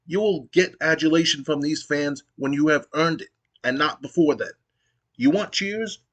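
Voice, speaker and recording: A veteran male wrestler, stern and earnest, lecturing a rival about earning respect, as a man reads his lines aloud. The voice sits higher than natural. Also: moderate pace, fairly bright tone.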